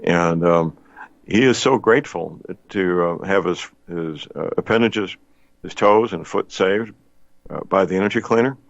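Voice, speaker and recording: A man's voice: low voice, unhurried, dry recording. An older man hosting a radio talk show, chatting in a folksy, rambling way with many fillers. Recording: dull lo-fi radio sound.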